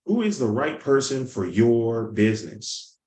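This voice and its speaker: Animated man coaching with lively energy. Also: mid-range voice, unhurried, roomy sound, poor audio. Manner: energetic, storytelling, acts out quotes. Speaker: sales coach. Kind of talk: motivational teaching talk.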